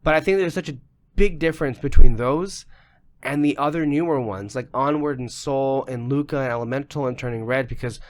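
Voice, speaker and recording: A man's voice: mid-range voice, fairly quick. A man co-hosting a casual podcast discussion, ranting emphatically and with plenty of profanity, his voice getting a little worn. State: losing his voice. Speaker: podcast co-host.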